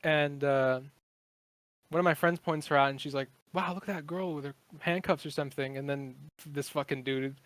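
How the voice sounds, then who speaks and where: On the high side, with fairly even intonation, a fairly bright tone, and normal speed, this voice belongs to a twentysomething podcast guest. The recording has no room sound, and his casual talk rambles profanely with many fillers.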